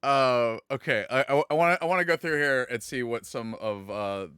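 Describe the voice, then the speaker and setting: A man's voice: mid-range voice, moderate pace, a bit bright, clean tone, no echo, clean studio sound. A man hosting a casual livestream chat, laughing often and reading viewer comments aloud. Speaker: host.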